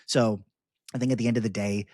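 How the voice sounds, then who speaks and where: A man co-hosting a podcast in casual chat, talking in halting bursts with frequent restarts. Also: lowish voice, fairly even intonation, a little mellow, dry recording, studio quality. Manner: halting, many restarts and fillers. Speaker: podcast co-host.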